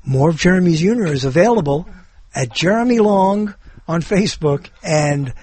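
A man's voice: fairly high pitch, lively intonation, normal speed, mellow. A man hosting a show in casual comedic chat, rambling and jokey, now and then slipping into silly voices. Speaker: show host.

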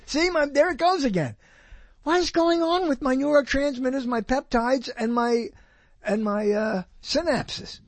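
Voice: mid-range voice, no echo. A solo host talking into a microphone in a digressive, jokey monologue, reading out quotes and wandering off topic. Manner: digressive, jokey, talks to self, hums and laughs. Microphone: close microphone.

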